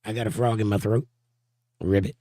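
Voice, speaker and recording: A hoarse man hosting a casual livestream, reading chat comments aloud and joking around. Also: medium pitch, moderate pace, no echo, clean studio sound. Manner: joking, playful banter.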